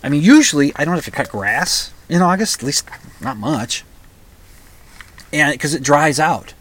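A middle-aged man from the upper Midwest, hosting his own show in a rambling, halting monologue full of restarts. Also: a little high, expressive, fairly bright tone. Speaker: podcast host. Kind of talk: casual monologue.

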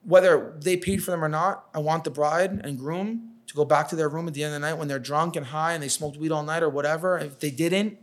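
He talks a little fast with few pauses, his voice on the high side. A catering owner in his thirties from New York, he chats casually on a podcast, telling profane, animated stories and acting out quotes.

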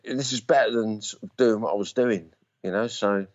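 Bloke telling stories on a call, swears a lot, sound's a bit dull and muffled. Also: male voice, fairly low pitch, moderate pace. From Romford, England. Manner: blunt, swears freely. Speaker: musician guest. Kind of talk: casual anecdote storytelling. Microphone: video call.

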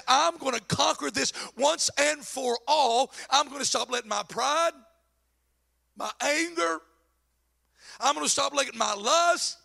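Gravelly high-voiced preacher. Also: male voice. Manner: preachy, swings from low asides to shouted exhortation; acts out quoted voices mockingly. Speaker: pastor. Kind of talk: sermon.

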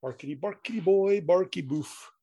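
A man's voice: sits high, moderate pace, mellow, lo-fi sound, a little hiss or hum, voice pushed up. A man doing a goofy floppy-eared dog. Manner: playful, goofy nonsense barking sounds.

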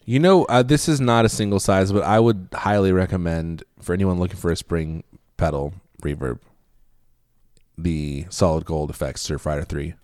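Male co-host, very deep voice, dry sound, deadpan teasing. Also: normal speed, dry recording. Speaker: podcast co-host. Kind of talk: casual chat.

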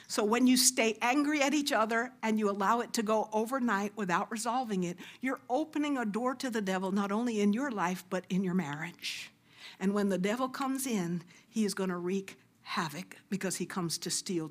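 A middle-aged woman preaching a sermon, earnest and exhorting, sometimes dropping to a hushed near-whisper. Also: medium pitch, moderate pace. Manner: earnest, exhorting, drops to soft hushed asides.

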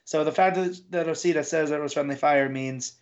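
A man talks about comics on a casual podcast. He speaks haltingly, with fillers and restarts. His voice is a little higher than usual, and the recording sounds dull and lo-fi. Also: fairly even intonation. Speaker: podcast co-host. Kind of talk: casual comic book discussion.

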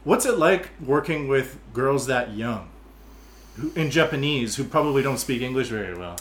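A man's voice: mid-range voice, expressive, moderate pace. A man co-hosting a podcast, chatty and jokey, sprinkling his talk with "like". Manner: chatty, jokey, uses "like" and "dude" a lot. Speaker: podcast co-host. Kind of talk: casual chat. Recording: roomy echoey room.

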